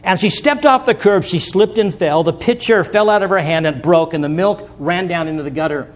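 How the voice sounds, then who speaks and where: A man's voice: sits high, a little fast. A man preaching a sermon, telling stories and building to earnest, emphatic peaks, with folksy asides. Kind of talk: sermon with storytelling.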